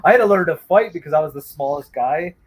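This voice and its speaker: A man's voice: fairly high pitch, quick pace, slightly rough, low-quality recording. Man telling a rambling childhood story. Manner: rambling animated storytelling with many restarts. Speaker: guest storyteller. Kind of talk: casual chat.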